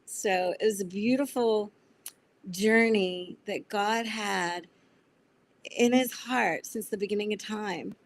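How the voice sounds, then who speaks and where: A woman guest on a video call, telling her faith story in an earnest, animated way and acting out the voices of people she quotes. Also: medium pitch, takes it slowly. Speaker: guest sharing testimony. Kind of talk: testimony interview.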